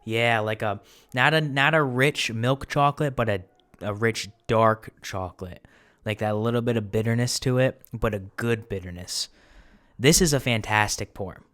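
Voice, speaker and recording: Man, home whisky review host, smooth voice, rambling and filler-heavy. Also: mid-range voice, normal speed, a bit bright. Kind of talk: casual whisky tasting review. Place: apartment.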